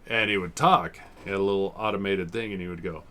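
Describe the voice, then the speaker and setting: Low-voiced forties dude, casual podcast host, rambles and curses a bunch. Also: male voice, steady tone, fast talker, fairly bright tone. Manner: rambling, swearing, laughs often. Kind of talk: casual chat reviewing old TV episodes.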